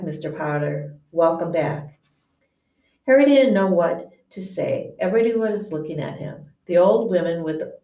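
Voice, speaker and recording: A woman reading a novel aloud to listeners, unhurried, often stumbling and correcting herself, and acting out a stammering character. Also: on the low side, gravelly, mellow, echoey room, far from the mic. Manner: unhurried, stumbling over words and self-correcting; acts out a stammer for the nervous professor.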